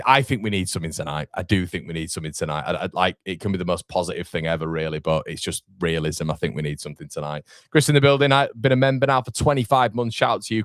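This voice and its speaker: Young streamer host, deep voice, dry close sound, casual chatter. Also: male voice, dry recording. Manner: chatty, reading out viewer comments. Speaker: football watchalong host. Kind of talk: casual live-stream chat. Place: home room.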